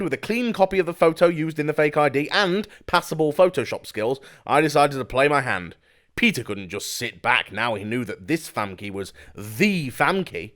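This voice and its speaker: A man's voice: fairly high pitch, animated, moderate pace, fairly bright tone. Sardonic male comedic narrator. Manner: dry, sardonic storytelling. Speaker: scambaiting video narrator.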